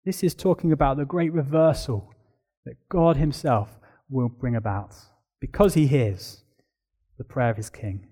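A man preaching an expository sermon, emphatic, building intensity through repeated phrases and then dropping to a quiet, solemn tone. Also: medium pitch, measured pace.

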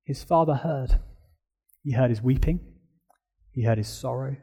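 A man preaching an expository sermon, emphatic, building intensity through repeated phrases and then dropping to a quiet, solemn tone. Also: medium pitch, a little slow, breathy edge.

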